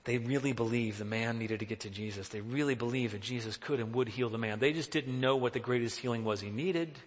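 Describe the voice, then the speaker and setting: A man's voice: medium pitch, fairly even intonation, fairly quick, in a large hall. A male pastor preaching a sermon in an earnest, questioning, emphatic way.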